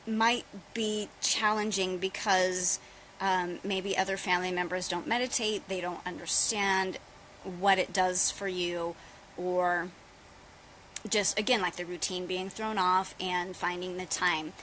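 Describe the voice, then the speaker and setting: A middle-aged woman yoga teacher talking casually to her viewers about her practice, chatty and relaxed. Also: lowish voice, measured pace, a little hiss or hum, low-quality recording. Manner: chatty, relaxed, addresses viewers as "you guys". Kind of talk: casual live-stream yoga talk. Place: outdoors on holiday.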